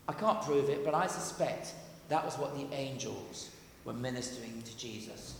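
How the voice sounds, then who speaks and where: A man preaching a sermon in a church, earnest and emphatic, dropping to a hush for quoted voices. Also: mid-range voice, normal speed, creaky. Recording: echoey church, heard from a distance.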